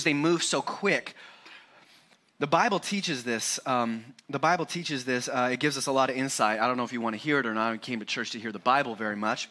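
A church pastor in his forties talks at a medium pitch with a sharp tone. His sermon is relaxed and humorous, built around acted-out family scenes in which he voices his kids at a raised level.

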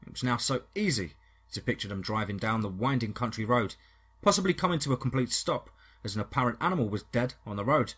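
A man with a husky, mid-pitched voice reads a first-person horror story. He tells it in a steady, dramatic way. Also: fast talker. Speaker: narrator.

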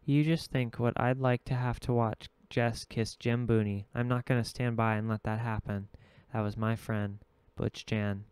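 A man's voice: medium pitch, fairly even intonation, moderate pace, few pauses, darkish tone, smooth, no room sound, lightly acted. A man voicing a growling, menacing butch woman. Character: tough angry butch woman softball player.

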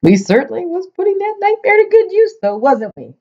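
A big friendly giant who mangles his grammar with cheerful confidence, as a woman puts him on while reading a storybook aloud. The voice leaps around in pitch and stays lively throughout. The recording sounds dull and lo-fi. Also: fast talker, husky. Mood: gleeful. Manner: jumbled ungrammatical speech.

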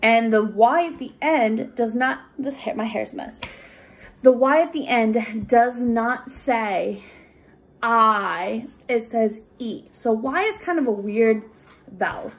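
A woman tutoring young readers, explaining reading rules patiently with many pauses and fillers. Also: on the high side. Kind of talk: recorded lesson for students.

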